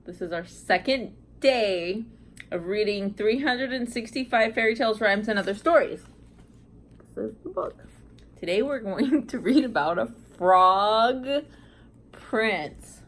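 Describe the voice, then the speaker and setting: A woman's voice: mid-range voice, unhurried. A woman reading fairy tales aloud to viewers, breaking off for chatty asides and reactions. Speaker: storyteller.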